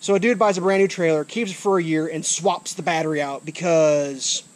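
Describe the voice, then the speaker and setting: A man's voice: fairly high pitch, steady tone, a little fast. A man ranting to camera as a vlogger, frustrated, swearing often and repeating himself, recorded outdoors. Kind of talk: angry rant to camera. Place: outdoors by a trailer.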